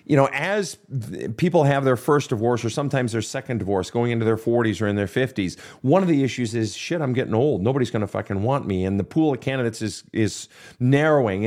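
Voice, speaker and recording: A middle-aged man with a medium-pitched, darkish voice hosts a counseling podcast as a casual advice monologue. He's blunt and swears freely, acting out the voices and outbursts of the people he quotes.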